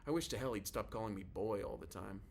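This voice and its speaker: A man's voice: lowish voice, fast, gravelly, a little hiss or hum. A male narrator giving a casual, confiding first-person reading of a novel. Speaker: audiobook narrator.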